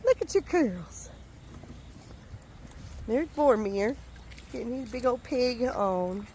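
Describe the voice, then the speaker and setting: A woman's voice: on the high side, animated, slow pace, long pauses, darkish tone, a little hiss or hum. A woman outdoors on a farm, talking casually to her animals in cooing baby talk and laughing often, recorded on a handheld phone. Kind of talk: casual chat.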